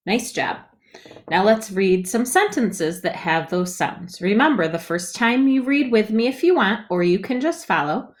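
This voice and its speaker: A woman teacher leading a phonics lesson for young children, sounding out words slowly and patiently and prompting the listener to read along. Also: medium pitch, expressive. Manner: slow, clearly sounded-out reading with patient prompts.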